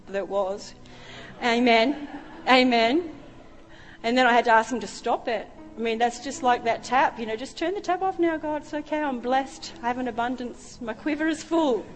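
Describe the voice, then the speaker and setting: A middle-aged woman preaching a sermon, telling her own story with emotion. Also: a little high. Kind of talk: sermon testimony. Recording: reverberant hall with faint music.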